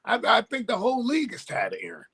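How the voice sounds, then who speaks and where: Husky guy with a high lively voice going off on football, blunt and loud about it. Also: fast. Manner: emphatic, blunt, animated. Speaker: sports talk co-host. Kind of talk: casual sports debate.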